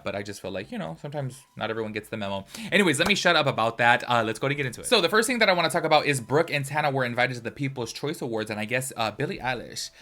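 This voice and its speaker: Give me a chatty commentary host, a man with a bright voice who rambles quickly. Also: mid-range voice. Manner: chatty, rambling, lots of fillers like "like" and "do you know what I mean". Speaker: commentary YouTuber. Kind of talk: casual commentary to camera.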